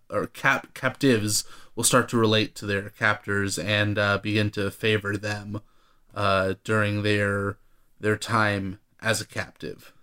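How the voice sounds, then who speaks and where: A man's voice: fairly low pitch, sharp tone, clear, resonant tone. A man co-hosting a podcast, explaining points about a movie in a casual, hesitant way with fillers. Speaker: podcast co-host. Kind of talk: casual film discussion.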